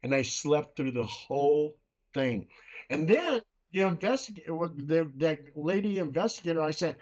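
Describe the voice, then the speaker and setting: A male paranormal investigator telling a story in casual talk, animated and swearing freely. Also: a little high, moderate pace, dull audio.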